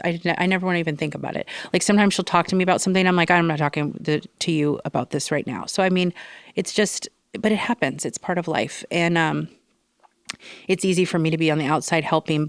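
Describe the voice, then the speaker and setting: Woman host, smooth resonant tone, casual rambling solo chat full of asides. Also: sits low, dry recording, clean studio sound. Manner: chatty, rambling, with fillers and quoted asides. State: recovering from respiratory infection. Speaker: podcast host.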